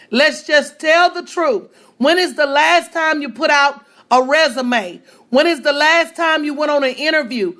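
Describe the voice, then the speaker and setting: A woman business coach hosting a livestream, talking in an energetic, preachy motivational style and greeting viewers by name. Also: sits high.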